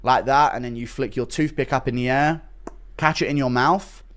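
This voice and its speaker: A man's voice: mid-range voice, fairly even intonation, moderate pace, fairly bright tone. A man streaming and chatting casually with viewers, joking crudely and swearing freely.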